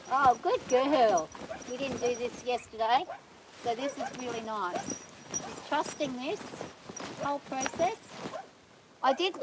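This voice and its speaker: High-voiced woman training a horse outdoors. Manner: calm, coaxing the horse while explaining to viewers. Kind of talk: narrated training vlog. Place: outdoors on a farm on a windy day. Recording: outdoor recording with loud wind noise.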